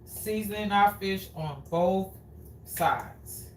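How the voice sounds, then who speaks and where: A woman's voice: mid-range voice, slow pace, background noise. A woman hosting a live cooking demonstration in her kitchen, chatting to viewers and repeating her phrases for emphasis. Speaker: cooking show host. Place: home kitchen. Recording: roomy, distant from the mic.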